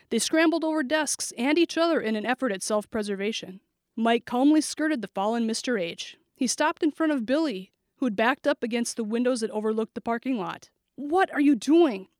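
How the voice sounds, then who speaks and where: Female thriller narrator, steady and vivid, bright-leaning voice, dead-dry booth. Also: on the high side, no echo. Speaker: audiobook narrator.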